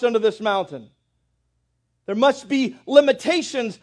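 A man's voice: high-pitched, normal speed. A pastor preaching a sermon, talking straight to his congregation and building in intensity.

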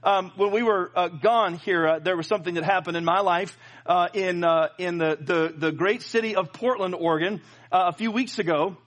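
A middle-aged man preaching, his voice sitting high for a man. He tells a personal story with lots of fillers, restarts and playful asides. He keeps pulling the congregation in with him. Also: normal speed, fairly bright tone. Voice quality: plenty of filler and restarts, jokey. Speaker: pastor. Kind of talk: sermon.

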